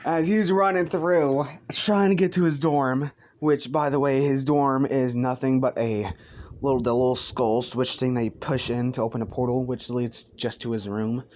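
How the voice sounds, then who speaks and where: A man's voice: medium pitch, steady tone, normal speed, a little mellow. A young man improvising a crude fan story, rambling, swearing and stumbling over names.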